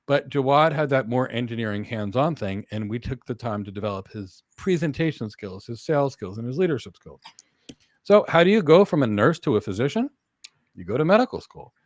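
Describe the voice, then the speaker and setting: A middle-aged man hosts a career Q&A in a mid-pitched voice. He fires off rhetorical questions and analogies, leaning hard on key words. The sound is dry, with no room echo. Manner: emphatic, swings up and down in pitch and loudness; teaches through analogies and examples. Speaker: host answering career questions.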